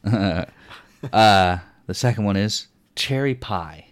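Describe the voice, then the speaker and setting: A man hosting a casual podcast chat, laughing often and acting out quotes in animated voices. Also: fairly low pitch, slow pace. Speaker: podcast host.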